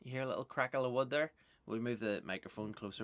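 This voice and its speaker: A man's voice: medium pitch, fast talker, fairly bright tone, a little hiss or hum. A man from Northern Ireland with a Northern Irish accent, a stand-up comedian hosting a podcast in a loose, self-mocking ramble with swearing.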